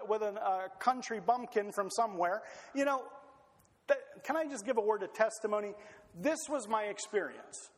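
A man preaching a conversational sermon with joking asides, in a church hall. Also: sits high. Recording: long hall reverb.

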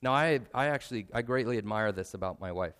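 A young adult man, a pastor, giving a sermon in a conversational, self-deprecating way and slowing down to stress key points. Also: on the low side, a bit bright, clean tone.

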